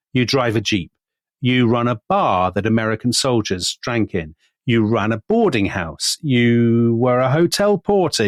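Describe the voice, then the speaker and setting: A man co-hosting a podcast, telling history in a lively conversational way and dropping his voice to quote people. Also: dry recording, clean studio sound. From Britain. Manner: animated, quotes figures in lowered voice. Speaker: podcast co-host.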